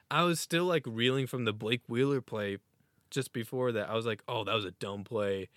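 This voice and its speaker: A man co-hosting a podcast in casual chat, rambling excitedly and laughing often. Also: medium pitch, a little slow, no echo. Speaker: podcast co-host.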